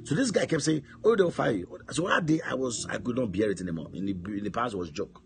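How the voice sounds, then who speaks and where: Man, preacher, very low voice, sermon storytelling, shouted commands, faint instrumental music underneath. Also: sing-song, fast talker.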